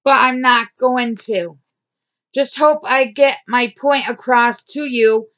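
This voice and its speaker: A woman's voice: on the high side, slow pace, fairly bright tone, highs cut off. A woman vlogger talking straight to camera in a blunt, repetitive diary-style video. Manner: blunt, swearing, repeats herself. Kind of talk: angry diary vlog rant.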